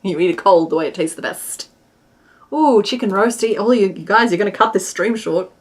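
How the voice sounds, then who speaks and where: A woman's voice: medium pitch, brisk, husky. A woman hosting a crochet livestream, chatting casually and giggling while she answers chat and counts stitches aloud.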